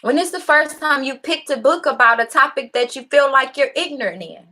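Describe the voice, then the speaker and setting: A woman's voice: sits high, lively intonation, fairly quick, sharp tone. Impassioned young woman giving blunt talk. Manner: impassioned, preachy, blunt and profane. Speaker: host. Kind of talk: casual motivational talk to a live audience.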